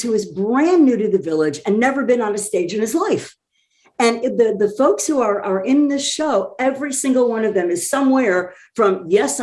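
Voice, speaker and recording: A woman's voice: mid-range voice, darkish tone. A woman talking enthusiastically as a podcast guest, effusive and chatty. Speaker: guest promoting a community theater show. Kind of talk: casual chat.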